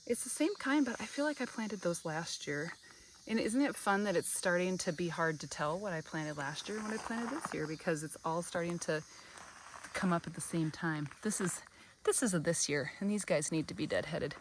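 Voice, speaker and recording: A woman with a somewhat low voice strolls through her garden outdoors, talking casually and gushing about each flower. She sounds a little tired and short of breath, and the recording carries a faint evening hum of crickets. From American Midwest. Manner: chatty, gushing about flowers, many ums. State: tired after a long drive, a bit out of breath. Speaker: garden vlogger.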